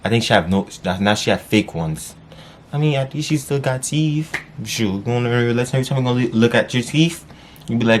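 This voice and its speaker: A man vlogging, wrapping up a story time in a casual, cursing way with sudden high yelps. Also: moderate pace. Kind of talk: story time, then sign-off.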